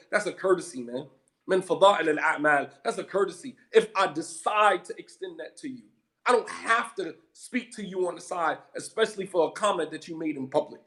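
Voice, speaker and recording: Fired-up preacher guy, high voice, keeps repeating himself to hit the point. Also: a bit bright. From United States. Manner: heated, emphatic, repeats for emphasis. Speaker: Muslim preacher. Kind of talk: impassioned lecture.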